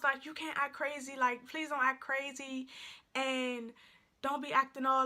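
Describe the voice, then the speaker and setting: High bright chatty young woman. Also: moderate pace, slight background noise. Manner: chatty, filler-heavy storytelling with many likes. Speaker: vlogger. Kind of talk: casual storytime vlog.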